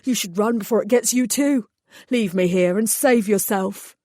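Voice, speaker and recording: A woman's voice: normal speed, darkish tone, no echo, clean studio sound, lightly acted. A woman voicing a vain, panicky young male fairy who wails melodramatically. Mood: mournful. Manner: shrill melodramatic wailing.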